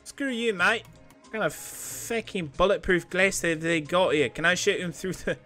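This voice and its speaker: A crude young Australian carpenter in a put-on accent, shouting profanities and whining melodramatically, as a man plays him. The voice sits well above a normal male speaking pitch. Faint music plays underneath. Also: moderate pace. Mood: rowdy, abusive. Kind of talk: gameplay role-play.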